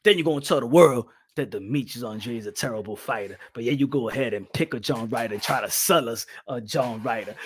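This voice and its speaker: A man's voice: medium pitch, fast, few pauses, slightly rough. A man hosting a boxing commentary show, ranting in a heated, profane and mocking way, often breaking into laughter. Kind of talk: opinionated rant to camera.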